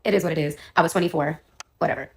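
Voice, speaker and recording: A woman in her thirties who is under the weather, telling a personal storytime in a quick, rambling way and correcting herself as she goes. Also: deep voice, steady tone, creaky. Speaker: storyteller in a clip.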